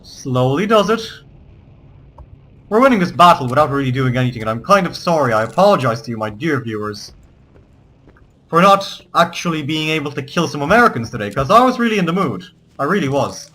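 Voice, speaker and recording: A man's voice: a little high, very animated, normal speed, pauses often, fairly bright tone. A man giving gameplay commentary, switching between theatrical rallying speeches and swearing asides. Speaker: let's play gamer.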